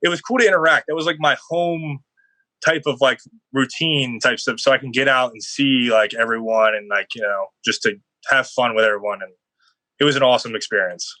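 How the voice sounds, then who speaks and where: A young man with a bright, forceful voice tells stories in a loose, rambling way, filling his sentences with "like." The sound is dry and close, with no room around it. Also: mid-range voice, fairly quick, no room sound, rough recording. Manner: rambling, heavy on "like" fillers, animated storytelling. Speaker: guest football player. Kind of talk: casual podcast interview.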